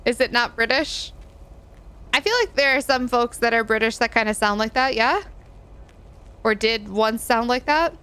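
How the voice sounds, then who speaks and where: A woman's voice: on the high side, normal speed, pauses often, sharp tone, smooth. A woman live-streaming a video game in casual chat, reading and answering her viewers and giggling often.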